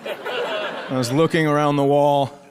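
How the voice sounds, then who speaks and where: Sarcastic high-voiced comedian, roaring crowd. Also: male voice, steady tone, takes it slowly, background noise. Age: middle-aged. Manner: sarcastic storytelling, acts out family members. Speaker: stand-up comedian. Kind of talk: stand-up comedy set. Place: theater stage. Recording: live venue with loud audience laughter.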